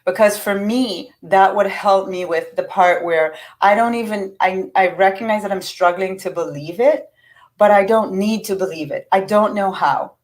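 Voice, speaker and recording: A woman's voice: mid-range voice, normal speed, low-quality recording. Earnest middle-aged woman teaching affirmations. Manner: earnest and encouraging, with frequent restarts. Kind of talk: casual teaching talk.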